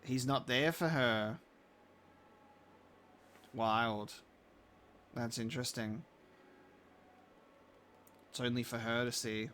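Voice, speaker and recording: A man's voice: medium pitch, steady tone, slow, long pauses, a bit bright, a little hiss or hum. A man with a blend of Australian and British accent, chatting casually while live-streaming a game and reacting to chat. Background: faint game music.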